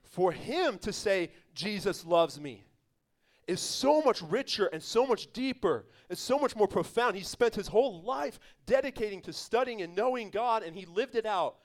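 High-voiced man preaching with emphatic energy. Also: animated, normal speed, hardly any pauses. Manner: emphatic, conversational preaching with laughs and asides. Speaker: pastor. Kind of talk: sermon.

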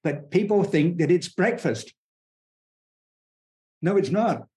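Fast-talking, digressive male scientist. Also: high voice, animated, warm tone. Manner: talks fast, enthusiastic and digressive. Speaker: guest scientist. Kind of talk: conversational interview explanation.

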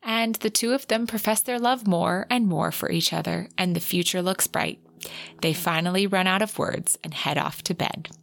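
A woman's voice: on the low side, moderate pace, vocal fry, a bit bright, dry recording. A woman co-hosting a podcast, casually recapping a romance novel's plot and reading quoted passages aloud. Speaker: podcast co-host. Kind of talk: casual book-summary podcast.

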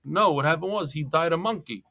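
A man leads a Talmud class with a slightly higher voice. He talks in a lively, joking way, telling stories and sprinkling his with Hebrew and Yiddish terms. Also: fairly quick, creaky, muffled recording. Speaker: Talmud teacher.

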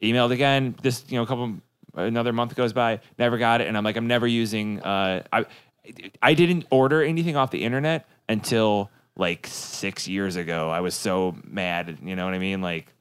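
Smooth-voiced man in casual chat. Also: lowish voice, no echo. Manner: chatty, quick reactions and teasing. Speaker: podcast co-host.

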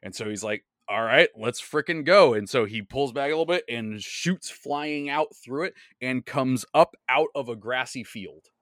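A man's voice: mid-range voice, moderate pace, dry recording, studio quality. A man recapping a tabletop game session as its game master, in casual rambling talk full of fillers and self-corrections. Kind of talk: casual podcast storytelling.

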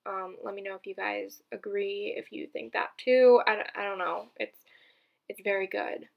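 Chatty young woman with vocal fry. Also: mid-range voice, steady tone, normal speed, dull audio. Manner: chatty, gushing, many fillers and restarts. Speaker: podcast host. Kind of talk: casual solo podcast chat.

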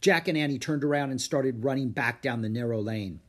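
A man narrating a children's storybook in a lively, expressive reading. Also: mid-range voice, brisk. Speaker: audiobook narrator.

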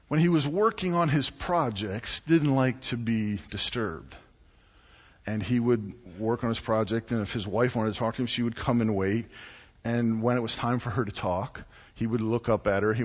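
A man preaching a sermon as pastor, telling stories and acting out quotes with animated delivery. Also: mid-range voice. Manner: animated storytelling with acted-out quotes. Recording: muffled sound in a reverberant hall.

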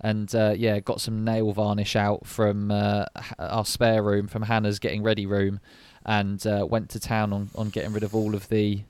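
Man, low voice, dry recording, relaxed detailed podcast talk. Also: moderate pace, few pauses, no echo. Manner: relaxed, detailed, hesitant with fillers. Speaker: podcast co-host. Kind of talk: casual sneaker chat.

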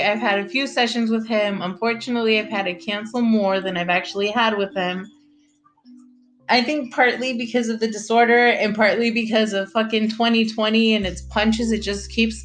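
A woman's voice: fairly high pitch, fairly bright tone. Blunt, profane young woman speaking candidly. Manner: blunt, profane and rambling, with many fillers. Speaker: mother sharing her mental health struggles. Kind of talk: candid personal vlog.

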